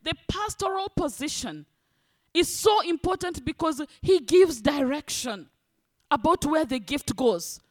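High-voiced woman preaching. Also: unhurried. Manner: animated, acts out congregants' voices. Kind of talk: sermon.

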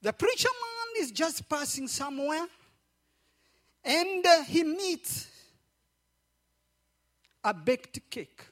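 High-voiced lively preacher man. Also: slow pace, pauses often. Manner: repetitive call-and-response preaching. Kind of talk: sermon with storytelling.

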